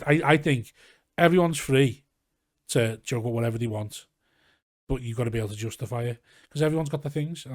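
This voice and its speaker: A man's voice: mid-range voice, a little mellow, dry recording, studio quality. A man from Liverpool with a Scouse accent, a comedian chatting casually as a podcast guest, rambling and swearing freely. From Liverpool, England. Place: garage studio.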